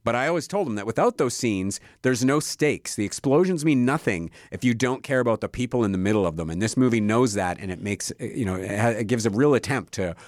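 A man's voice: mid-range voice, animated, a little fast, few pauses, no echo, clean studio sound. A middle-aged man co-hosting a casual review segment, talking in an easygoing, enthusiastic way and thinking aloud. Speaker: co-host, reviewer.

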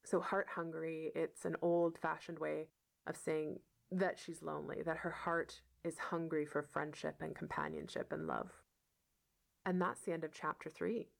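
Woman reading a story aloud, lowish gravelly voice, patient explanatory asides. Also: little pitch movement, unhurried. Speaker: teacher reading a novel aloud. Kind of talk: read-aloud lesson explaining vocabulary.

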